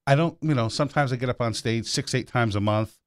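Male talk host, casual and crude, smooth clear voice, dry close sound. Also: mid-range voice, fast, dry recording. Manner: loose, crude, teasing. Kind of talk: casual joking chat. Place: radio studio.

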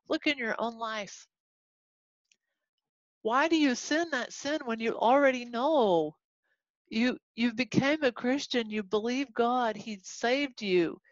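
A woman from Texas teaching a casual Bible lesson to a class, animated and chatty, acting out the people in the story as she goes. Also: a little high, moderate pace, no room sound. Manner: animated, acts out quoted voices, chatty asides. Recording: dull lo-fi recording.

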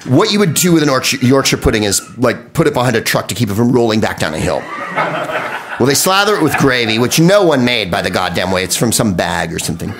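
An American man telling comic stories on a podcast with a lively, swooping delivery. He swears freely and drops into quick impressions as he riffs. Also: mid-range voice, background noise. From United States. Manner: animated, profane, riffing with impressions. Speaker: comedian. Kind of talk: comedic monologue on a podcast.

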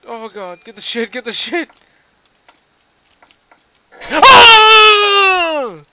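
A man's voice: very high voice, normal speed, bright, forceful tone, slight background noise. A man giving horror game commentary, swearing a lot and yelping in panic at the scares. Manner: jumpy, swearing, yelps and shrieks in panic. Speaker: let's play gamer.

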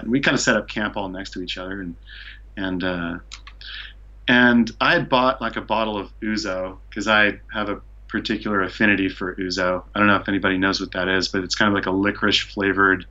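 A man's voice: fairly low pitch, bright, forceful tone, lo-fi sound. A man from Seattle telling a long travel story as a podcast guest, rambling with lots of "like" and "you know". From Seattle, USA. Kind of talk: casual storytelling.

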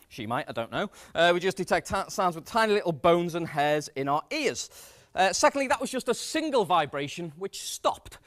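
A man presenting a comic science demonstration on stage to a live audience, energetic and self-mocking. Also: high-pitched.

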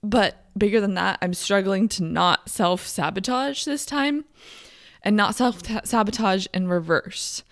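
A young woman hosting a podcast, talking openly and emotionally about a personal struggle, with halting restarts. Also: medium pitch, smooth, no room sound, clean studio sound. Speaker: podcast host and coach. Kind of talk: candid personal podcast monologue.

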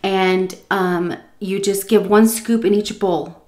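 A woman's voice: medium pitch, fairly even intonation, takes it slowly, darkish tone, natural voice. A woman doing a sweet crooning cat lady. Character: sweet-voiced odd woman neighbor who fusses over cats.

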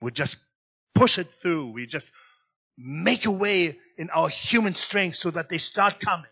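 High-voiced man preaching a sermon. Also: a little slow, slightly rough, lo-fi sound. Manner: swings between loud emphatic preaching and quiet low asides. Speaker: guest pastor. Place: church sanctuary.

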